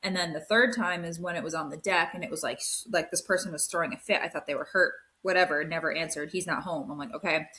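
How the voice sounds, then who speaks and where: A young woman, a podcast co-host, chatting casually and telling an eerie story in an animated way, peppered with "like". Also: low-pitched, fast, few pauses. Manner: animated storytelling, acts out quoted voices, frequent "like".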